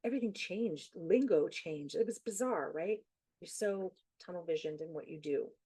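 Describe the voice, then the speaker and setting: A middle-aged woman talking casually as a podcast guest, chatty and animated, laughing often. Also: lowish voice, normal speed, husky, no echo, poor audio. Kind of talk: casual chat.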